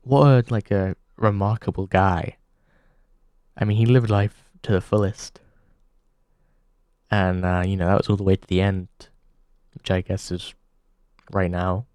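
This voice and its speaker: Slow deadpan man, low dry voice. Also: clean tone, no echo. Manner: deadpan, halting, with many pauses and restarts. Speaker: comedy show host. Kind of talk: deadpan comedic monologue.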